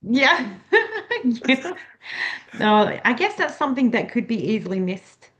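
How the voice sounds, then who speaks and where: A woman's voice: fairly high pitch, big pitch swings, takes it slowly, fairly bright tone. A woman hosting an interview, chatting casually with lots of fillers and affirming replies. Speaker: interviewer host.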